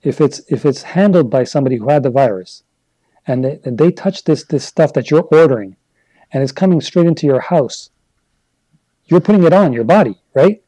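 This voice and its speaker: A man's voice: on the high side, animated, moderate pace, dark tone, no echo, rough recording. A man from Canada hosting a casual livestream, reading viewer chat and rambling into heated rants. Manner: conversational, rambling, gets worked up into rants.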